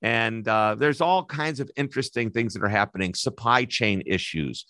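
An upbeat, chatty man hosts a business interview podcast from a dry, close microphone. His voice sits at an ordinary pitch, and he now and then trips over his words. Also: moderate pace, bright, forceful tone, no echo. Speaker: podcast host.

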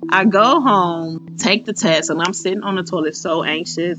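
A woman's voice: lowish voice, normal speed, few pauses. A young woman in her twenties from Chicago, candidly telling her own story, with lots of fillers, acting out her past thoughts aloud. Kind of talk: personal storytelling. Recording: slightly muffled, faint music behind.

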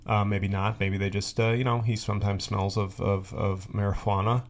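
A man's voice: lowish voice, level tone, normal speed. Rambling man doing a comic monologue. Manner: rambling, tangent-prone, with frequent fillers and restarts. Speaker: podcast host. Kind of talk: comedic monologue.

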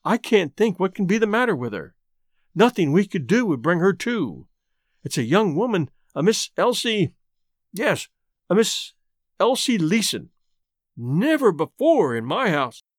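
A prim, self-important older landlady from a storybook, fussy in her speech, with a male narrator reading her part. The voice is fairly high and dry, recorded close. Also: big pitch swings, measured pace, no echo. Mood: flustered.

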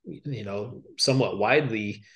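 A young adult man, an author guest on a podcast, talking in a reflective, halting way with many fillers and restarts. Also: lowish voice. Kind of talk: reflective interview talk. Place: podcast studio.

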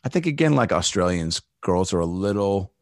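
Very deep-voiced joking comedian man. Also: sing-song, moderate pace. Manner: loose riffing with profanity and fillers. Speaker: comedian guest. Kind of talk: casual comedic podcast chat.

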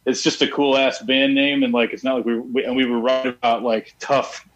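A man chatting in a loose, rambling way about his band, dropping swear words and trailing off mid-thought. His voice sits at an ordinary middle pitch, and he talks like someone relaxed among friends. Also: fairly quick, muffled recording. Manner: rambling, laid-back, swears freely. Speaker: band member. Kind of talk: casual interview chat.

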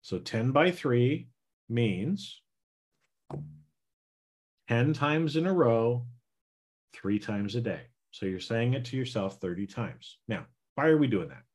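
A man's voice: medium pitch, animated, darkish tone, slightly rough. A man hosting a self-help podcast in a casual, folksy way, checking in with listeners by asking "right?" and "okay?". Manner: slow, repeats "right?" and "okay?"; folksy and plain-spoken. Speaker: podcast host, healing coach.

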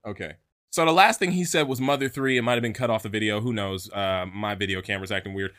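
A man's voice: on the low side, fast, fairly bright tone. A young man co-hosting a casual gaming podcast, steering the talk with jokes and frequent laughs. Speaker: podcast co-host. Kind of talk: casual chat.

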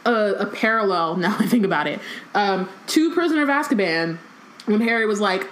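A woman co-hosts a casual chat, recapping the plot in a plain voice and then reading passages straight from the book. Her voice sits at an ordinary pitch, and the room around her is echoey. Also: big pitch swings, normal speed, fairly bright tone. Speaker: podcast co-host.

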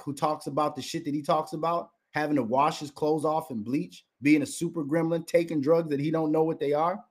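A man hosting a podcast, delivering a heated commentary rant full of rhetorical questions and repeating his rival's name for emphasis. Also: on the high side. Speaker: podcast host.

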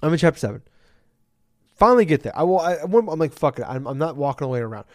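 A man co-hosting a casual gaming podcast, telling a profane, ranting story about a game. He mutters low one moment and shouts the next. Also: expressive, fast talker, no echo, studio quality. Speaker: podcast co-host. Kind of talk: casual chat.

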